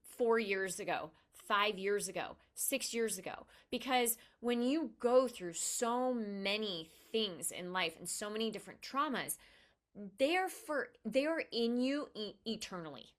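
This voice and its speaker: Woman podcast host, earnest, emphatic, restarts sentences, mid-pitched voice. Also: lively intonation, a little slow. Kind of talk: conversational podcast interview.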